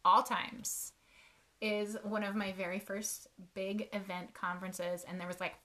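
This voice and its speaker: Bright, chatty woman storyteller. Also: mid-range voice, level tone, a little slow. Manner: chatty, self-mocking storyteller, laughs often. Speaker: podcast co-host, author. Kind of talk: casual chat.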